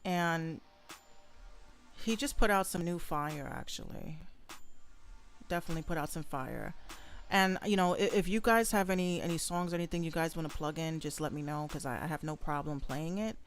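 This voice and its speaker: A young adult woman, a podcast host and rapper, records a casual solo podcast from her bedroom, talking bluntly and animatedly with plenty of swearing. Her voice sits low, her pace is a little fast, and soft music plays in the background.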